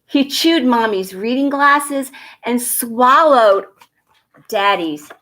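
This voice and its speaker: A woman from a school reading a picture book aloud to children at home, gentle and expressive, a little nervous, chatting to the kids between pages. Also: fairly high pitch, takes it slowly. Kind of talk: storybook read-aloud for children.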